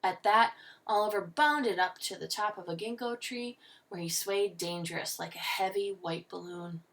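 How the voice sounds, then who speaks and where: A woman teacher reads a picture book aloud with lively, expressive storytelling. Her voice sits a little back from the mic. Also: medium pitch, normal speed, distant mic.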